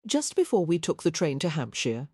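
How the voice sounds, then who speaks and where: A woman's voice: deep voice, very animated, normal speed, mellow, slightly rough, no echo, clean studio sound, full character voice. A woman reading an earnest young Victorian wife. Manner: earnest, composed.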